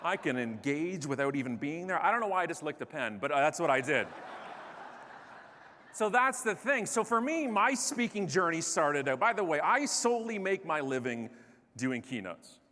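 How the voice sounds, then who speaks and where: A man in a comedic keynote, his voice a touch high and swinging widely up and down as he jokes at his own expense. The sound carries a long echo through a big hall. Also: moderate pace, a little hiss or hum. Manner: animated, joking, self-deprecating. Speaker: keynote speaker. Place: large conference stage. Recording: echoey hall.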